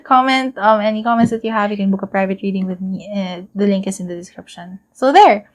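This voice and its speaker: A woman's voice: on the high side, expressive, normal speed. A young woman giving a casual tarot reading to camera, chatty and rambling, laughing often. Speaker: tarot reader.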